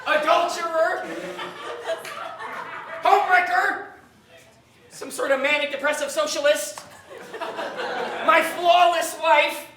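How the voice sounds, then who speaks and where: A woman's voice: extremely high pitch, fairly even intonation, slow, long pauses, a crowd in the background. A woman playing a furious ranting traveler. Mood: scornful. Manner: ranting, yelling insults. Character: furious foul-mouthed woman stranded in an airport. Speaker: stage comedy actor. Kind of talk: live stage comedy acting. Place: large theatre stage. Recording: roomy live theatre, distant mic, faint noise.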